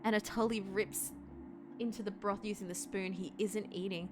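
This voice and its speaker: A woman's voice: medium pitch, steady tone, normal speed, noisy background. A woman streaming a video game, reading its text aloud and reacting, swearing often and squealing when something scares her.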